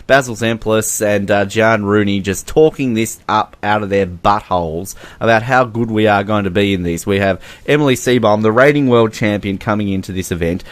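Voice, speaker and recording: A man's voice: lowish voice, normal speed, hardly any pauses. A man with an Australian accent co-hosting a casual sports podcast, telling stories sarcastically with frequent laughs. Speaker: podcast co-host.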